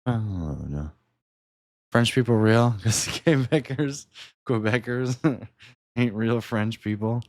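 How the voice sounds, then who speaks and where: A man with a mid-range voice chats casually on a livestream, taking his time, rambling and chuckling between thoughts. There's no echo, though a steady background noise runs through the recording.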